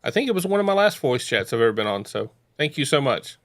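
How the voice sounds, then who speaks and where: A man's voice: mid-range voice, sing-song, quick pace, fairly bright tone. A man hosting a casual chat show, talking in a rambling way with many restarts. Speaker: podcast host. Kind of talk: casual chat reacting to court videos.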